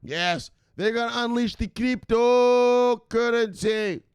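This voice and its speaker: A man putting on a voice of an overexcited guy yelling crypto news at his woman, shouting and stretching out his words. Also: extremely high pitch, clear, resonant tone, no room sound, pitched above the performer's own voice. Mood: hyped. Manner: shouting, repeating "look, look", drawn-out words.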